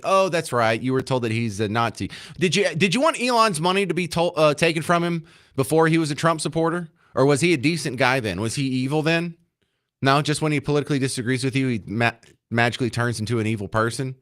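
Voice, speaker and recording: Casting: male radio host, mid-pitched, sarcastic and mocking studio monologue. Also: fairly bright tone.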